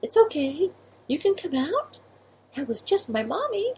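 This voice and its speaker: A woman voicing a gentle five-year-old girl in a storybook reading, speaking softly and sweetly. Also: sits high, sing-song, unhurried, voice pushed up, heavily acted. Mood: soft reassuring. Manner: soft, sweet, apologetic.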